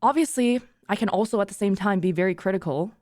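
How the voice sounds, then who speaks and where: A woman's voice: medium pitch, quick pace, warm tone, no echo, studio quality. Tearful young woman streamer rambling. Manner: emotional, tearful and laughing, rambling with restarts. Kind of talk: casual chat to stream viewers. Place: treated room with acoustic panels.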